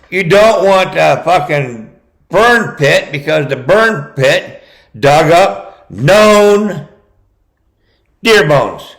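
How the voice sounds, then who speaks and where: A man's voice: on the high side, a bit bright, low-quality recording. A man giving ranting true-crime commentary, combative and profane, talking straight at the person he criticizes. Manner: combative, profane, addresses his target directly.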